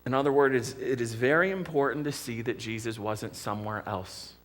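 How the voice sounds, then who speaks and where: A man's voice: mid-range voice, normal speed. An American man preaching a sermon as pastor, earnest and vivid, often restarting his sentences.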